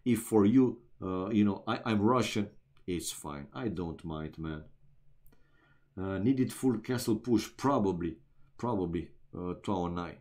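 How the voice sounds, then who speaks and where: A man's voice: low voice, expressive, measured pace, darkish tone. Romanian man casting a strategy game. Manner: chatty, talks straight to chat viewers, many "uh" and "man". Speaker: esports caster. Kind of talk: live game commentary.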